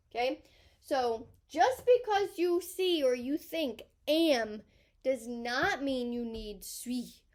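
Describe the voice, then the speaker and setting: A woman, a high school teacher, explaining grammar in an emphatic lesson that repeats key points.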